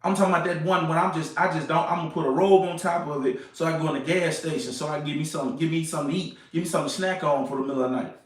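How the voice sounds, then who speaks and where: A young man telling a date story in a casual, animated way, repeating phrases and asking "you know what I'm saying". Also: on the high side, rapid-fire, hardly any pauses, far from the mic. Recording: echoey room, off-mic.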